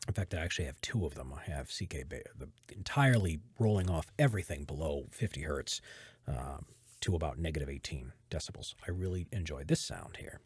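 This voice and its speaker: With an extremely low, breathy voice and a brisk pace, an American man who does voiceover work describes his home recording setup into a studio microphone, with no echo. His tech talk is relaxed and rambling, and he keeps correcting himself.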